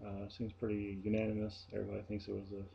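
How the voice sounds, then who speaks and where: A man with a low, gravelly voice talks casually to his viewers. He tells the story in a chatty, blunt way. The sound is dull and lo-fi. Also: monotone, fast, slight background noise. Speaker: vlogger and flight attendant. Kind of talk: casual vlog monologue.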